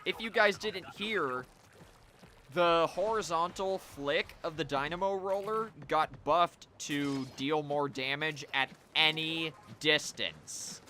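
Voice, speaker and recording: A man's voice: fairly high pitch, bright, forceful tone. Young guy streaming, chatting w/ viewers, bouncy voice, noisy background. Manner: chatty, reacts to the game and talks to chat. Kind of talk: live gameplay commentary.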